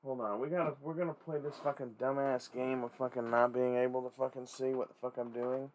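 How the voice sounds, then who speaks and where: A man hosting a casual toy-collecting vlog, rambling and swearing freely with excitable energy. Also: mid-range voice, brisk, slight background noise. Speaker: toy collector and channel host.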